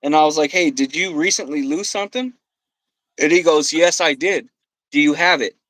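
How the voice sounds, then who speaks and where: A man telling a story on a podcast, swearing freely and quoting himself and others in an animated way. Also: fairly high pitch, normal speed, no echo, rough recording. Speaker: podcast guest. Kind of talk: casual storytelling. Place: podcast studio.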